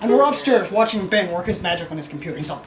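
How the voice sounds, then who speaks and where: A man telling a comic story to the camera, excitable, laughing through his lines and acting out what people said. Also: sits high, quick pace. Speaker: vlogger.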